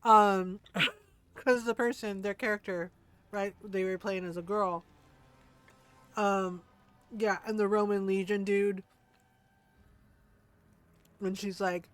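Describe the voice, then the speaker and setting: A woman's voice: mid-range voice, steady tone, slow pace, pauses often, dry recording. A woman streamer chatting casually while gaming, laughing often and acting out quotes.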